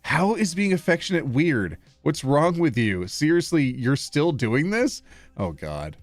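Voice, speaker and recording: Male streamer, casual and very animated, laughs a lot and plays up mock outrage. Dry close mic, faint music underneath. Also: fairly high pitch, slow, dry recording. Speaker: streamer reading posts. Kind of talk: casual live-stream reaction reading.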